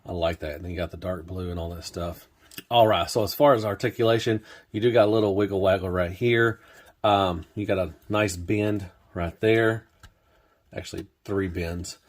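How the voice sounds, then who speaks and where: Low-voiced laid-back man reviewing toys. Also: fairly even intonation, moderate pace. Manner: rambling, filler-heavy, laid-back. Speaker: toy reviewer. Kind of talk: casual unscripted toy review.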